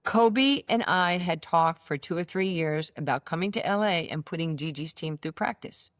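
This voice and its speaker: Casting: older woman, low voice, animated storyteller who plays out quoted dialogue, dry close sound. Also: moderate pace, no echo. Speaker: interview guest, basketball coach. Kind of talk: storytelling interview.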